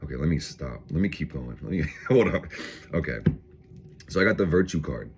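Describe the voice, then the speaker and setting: A man with a very low, husky voice talks through a tarot reading for his vlog. He swears freely and laughs often, and his tone stays loose and chatty. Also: animated, fairly quick. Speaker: tarot reader vlogger.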